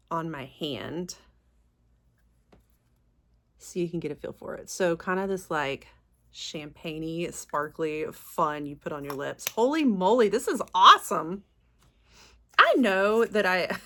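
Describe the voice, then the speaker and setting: A woman's voice: on the low side, bright, forceful tone. Gushing woman unboxing makeup. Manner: gushing, exclaims often, says "y'all". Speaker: beauty vlogger. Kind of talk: casual unboxing chat.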